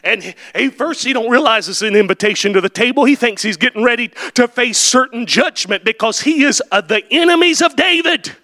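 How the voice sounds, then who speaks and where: A man preaching with a very high, bright, forceful voice. He climbs through repeated lines into full shouts, then sinks to a hushed tone and asks the congregation questions. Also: expressive, brisk, few pauses. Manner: builds to impassioned shouted climaxes, then drops to quiet; rhetorical questions and repeated refrains. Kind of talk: sermon.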